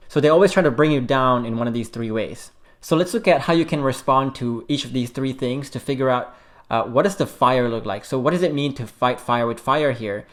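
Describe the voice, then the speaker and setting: Calm man coaching on relationships. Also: medium pitch. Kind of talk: direct-to-camera advice talk.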